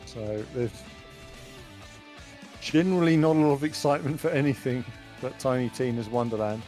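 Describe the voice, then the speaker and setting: A man's voice: medium pitch, moderate pace, dark tone, faint music behind. A man co-hosting a stream, giving dry, sarcastic reaction commentary. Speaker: stream co-host.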